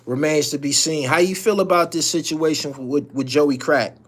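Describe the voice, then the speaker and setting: A man's voice: on the high side, moderate pace. A man hosting a live-stream call-in show, talking bluntly and profanely in a loose, rambling way with frequent restarts.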